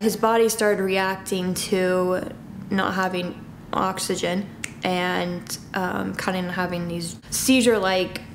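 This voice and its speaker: Tearful mom telling a hard story. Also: female voice, on the low side, fairly even intonation, noisy background. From Southern California. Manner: halting, with fillers and nervous laughs. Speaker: vlogging mom. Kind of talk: emotional personal account.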